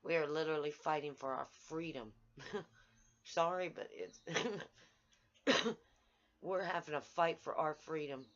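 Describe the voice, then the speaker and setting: A woman recording a daily video diary, talking angrily and outraged, halting and restarting as she vents. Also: low voice, fairly even intonation, fairly bright tone, highs cut off. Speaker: vlogger.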